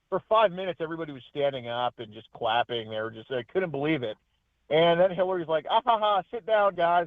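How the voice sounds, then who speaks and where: A man calling in as a guest, telling his story in a chatty, animated way with frequent laughs. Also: on the high side, no echo. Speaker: guest, independent journalist. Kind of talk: casual phone interview. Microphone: phone. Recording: tinny phone line.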